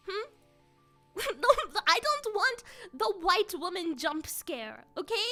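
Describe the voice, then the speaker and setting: A woman streamer chatting casually on a live stream, excitable and giggly, often repeating herself. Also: very high voice, normal speed, soft background music. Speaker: live streamer with an avatar model.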